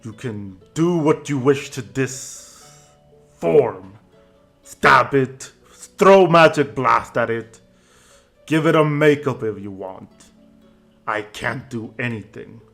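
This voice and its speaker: Bound demon, male, calm, resigned, slow formal delivery, done by a man, middle pitch. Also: vocal fry, soft background music, full character voice. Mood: measured. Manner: slow, measured formal speech.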